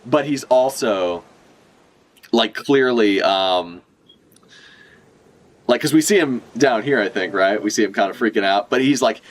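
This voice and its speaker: A young man giving excited, joking live reaction commentary, swearing freely and laughing a lot. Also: lowish voice, a little slow, pauses often. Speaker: manga reaction streamer.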